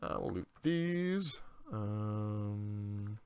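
A man's voice: lowish voice, expressive, extremely slow, smooth. A young man giving casual let's-play commentary, rambling and thinking aloud with loose profanity. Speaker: gaming channel host.

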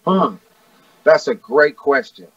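A Southern California rapper in his forties chats as a guest in a casual interview, laid-back and slangy, repeatedly saying "you know what I mean." His voice is fairly high, animated, and a bit bright, and he speaks slowly. The lo-fi recording is distant, dull, and dry.

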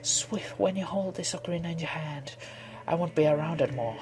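A man's voice: fairly quick, noisy background, natural voice. A man reading a young princess's lines from a game in his own unchanged voice, not lightening it. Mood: solemn. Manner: reads her lines in his own low voice. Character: young princess, girl, solemn.

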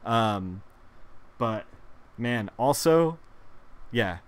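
A man of middle pitch talks loosely while he paints on a live stream. He wanders between thoughts, fills gaps with "um" and "like", and laughs at his own asides. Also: lively intonation, very slow, clear, resonant tone. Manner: rambling, filler-heavy, laughs at his own jokes. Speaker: digital artist streaming a painting session.

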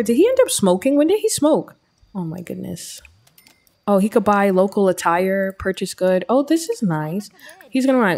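A woman hosting a let's-play, giving chatty, excitable commentary as she tells her game's story. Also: mid-range voice, moderate pace. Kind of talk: casual gameplay commentary.

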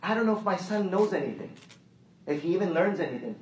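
A man's voice: high voice, expressive, fast. A male preacher giving a conversational sermon, telling stories and repeating his phrases as he makes his point. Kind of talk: sermon with anecdotes. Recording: echoey hall, mic at a distance.

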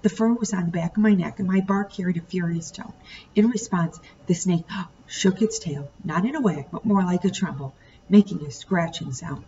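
A woman teacher reading a novel aloud to her students, pausing to ask the class questions. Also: lowish voice, dark tone. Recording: distant muffled home recording, faint hiss.

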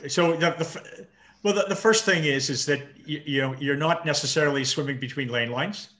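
A man in his fifties, a marathon swimmer interviewed over a video call, talking with halting restarts and dry understated humor. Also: fairly high pitch, a bit bright. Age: 50s. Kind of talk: casual interview chat.

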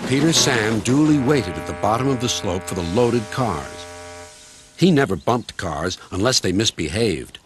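A man's voice: fairly low pitch, music in the background. Man narrating a children's storybook. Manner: measured, gently expressive. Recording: constant noise behind.

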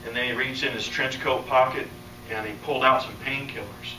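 An American man preaching a sermon, telling a healing story and acting out its dialogue, his voice climbing high as he gets excited. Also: brisk, background noise. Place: church or conference hall, live audience. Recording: echoey hall, voice from a distance.

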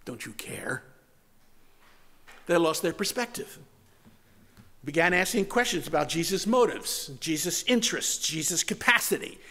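A man preaching a sermon, moving between strong emphasis and hushed, near-whispered lines. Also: high voice, expressive, normal speed. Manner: dramatic shifts from loud to hushed, near-whispered words. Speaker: pastor.

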